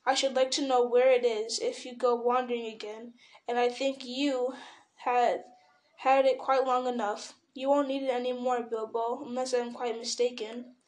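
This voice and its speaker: Storybook: a woman voicing a grave old wizard, measured and stern, somewhat high voice. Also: little pitch movement, darkish tone, lightly acted.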